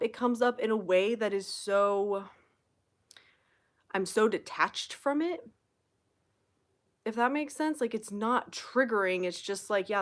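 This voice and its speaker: A woman hosting a live question-and-answer stream as a manifestation coach, talking bluntly and emphatically, swearing freely as she encourages viewers. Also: a little high. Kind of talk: casual live-stream advice, reading viewer comments.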